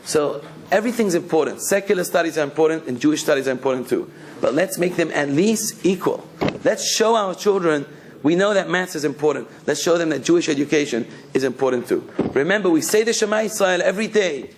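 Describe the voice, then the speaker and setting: A man's voice: fairly high pitch, expressive, brisk, noisy background. A male rabbi telling a story in a sermon and then urging his listeners.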